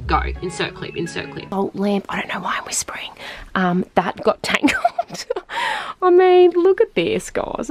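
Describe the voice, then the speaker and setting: Giggly, sweary young woman vlogging. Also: medium pitch. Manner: giggly, hyper, sweary, rambling. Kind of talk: casual vlog talk to camera. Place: caravan, indoors.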